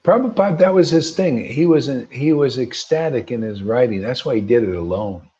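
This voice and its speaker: A man's voice: mid-range voice, expressive, a little fast, warm tone, husky. A man giving an informal devotional talk to a group, emphatic and preachy, often restarting and rising into bursts. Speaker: spiritual teacher. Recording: dull lo-fi sound.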